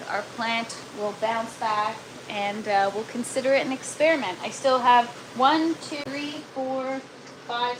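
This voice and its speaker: A woman chatting casually to viewers on a live stream from her indoor grow tent, groaning and exasperated. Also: fairly high pitch. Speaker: gardening livestreamer. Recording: noticeable steady background noise.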